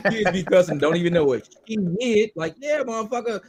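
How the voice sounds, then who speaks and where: A man tells a profane, animated story during a casual livestream chat. His voice is high and swings widely in pitch. There is a faint noise behind him. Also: normal speed.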